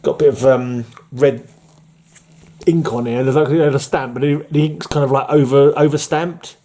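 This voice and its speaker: Rambling, mellow-voiced male comic vlogger. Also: medium pitch, steady tone, normal speed. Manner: rambling, chuckling, many fillers. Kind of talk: casual chat showing comics. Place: room at home under fluorescent light.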